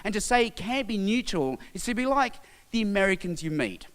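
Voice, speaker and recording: A man's voice: sits high, big pitch swings, a bit bright, clean tone. Emphatic Australian man in a hall. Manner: emphatic, listing words with pauses. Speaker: speaker. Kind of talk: sermon-style talk. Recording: reverberant hall.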